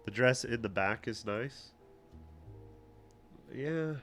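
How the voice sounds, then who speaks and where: A man's voice: mid-range voice, takes it slowly, fairly bright tone, soft background music. A man co-hosting a livestream, giving offhand, mocking outfit commentary that trails off into fillers. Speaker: podcast co-host.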